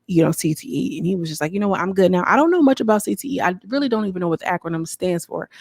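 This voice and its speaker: A woman's voice: fairly low pitch, creaky, no echo. A woman hosting a podcast, recapping gossip in a sassy, chatty way, talking straight to her viewers. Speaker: podcast host.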